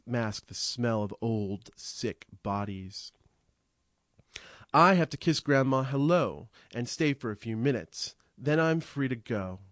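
A man narrating a first-person audiobook in a measured, reflective way, slowing on vivid images. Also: mid-range voice, dry recording, clean studio sound.

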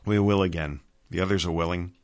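A man's voice: low-pitched, steady tone, fast talker, a little mellow. A man voicing a blunt, devoted old man over 60 in a storybook reading. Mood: earnest. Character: old man, devoted, gruff, loving friend.

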